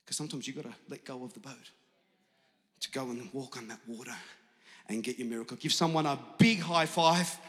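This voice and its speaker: A man's voice: medium pitch, fairly quick, a bit bright. A man preaching to his church with great energy, often acting out the doubting listener in an exaggerated voice. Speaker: pastor. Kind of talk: sermon. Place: large church hall. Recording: long hall reverb.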